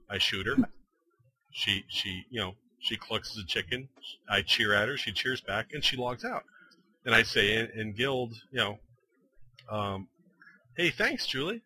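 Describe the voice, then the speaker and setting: A man chatting on a casual gaming podcast, his voice bright and forward. He tells stories with a lively, swooping delivery, laughing often and acting out what others said. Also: mid-range voice. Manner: animated storyteller, laughs often, acts out quoted lines. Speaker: podcast co-host. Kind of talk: casual chat.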